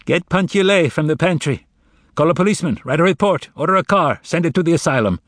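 A man's voice: on the high side, lively intonation, fast talker, no room sound, studio quality, pitched above the performer's own voice, natural voice. Man doing a cold, commanding pirate-like manager. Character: fierce stern male restaurant manager, pirate-like.

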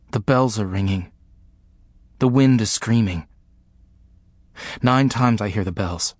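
Male narrator, lowish voice, slow grave memoir reading, dry close sound. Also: darkish tone, dry recording. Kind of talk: first-person memoir reading.

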